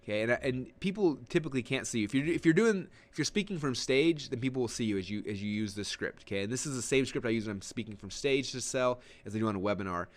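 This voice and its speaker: In this recorded webinar, an online marketing instructor speaks quickly in a medium-pitched voice. He leans forward and gestures, energetic and emphatic, and his conversational talk tumbles out in rapid bursts, often restarting and padded with fillers.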